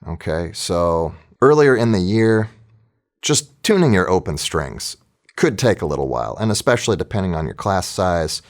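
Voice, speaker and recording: A man's voice: sits low, big pitch swings, moderate pace. A man teaching orchestra planning in a casual, chatty screen-recorded tutorial, thinking aloud as he works.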